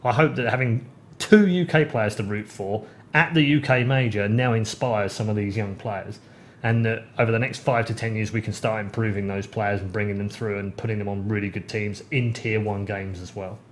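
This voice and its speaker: A man in casual podcast chat, telling stories with lively swings of pitch when he gets excited. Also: moderate pace, slight background noise. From United Kingdom. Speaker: podcast host.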